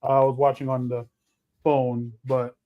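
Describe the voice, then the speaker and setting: A man co-hosting a casual podcast chat, animated and joking, breaking into loud announcer-style bursts. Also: medium pitch, unhurried, lo-fi sound. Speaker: podcast co-host.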